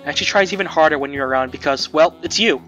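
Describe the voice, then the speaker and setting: A man's voice: on the high side, fast talker, fairly bright tone, lo-fi sound, faint music behind, lightly acted. A man voicing a friendly, wryly teasing young male school nurse while reading a visual novel aloud. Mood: amused.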